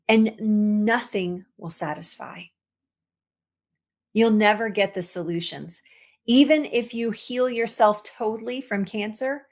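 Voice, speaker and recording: Speaking with a medium-pitched voice, a cancer coach delivers a motivational talk full of expression. She repeats words to stress them and laughs at herself along the way.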